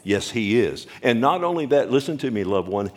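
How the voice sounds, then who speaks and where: A man's voice: medium pitch, big pitch swings, normal speed, darkish tone. A man preaching a sermon as pastor, emphatic and repetitive, calling out for the congregation's response.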